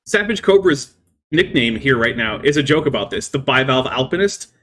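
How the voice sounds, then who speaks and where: A man's voice: mid-range voice, expressive, moderate pace, a bit bright. Man lecturing on a casual live stream. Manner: explains at length with many "I mean" fillers; careful, lecturing explanations. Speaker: livestream host.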